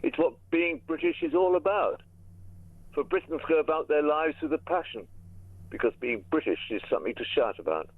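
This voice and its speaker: A male caller reads out his own rhyming verse at a measured pace. He comes through a tinny, dry phone line, close and without room sound. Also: a little high, animated, no room sound. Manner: measured, rhythmic recitation. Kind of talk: reciting his own poem.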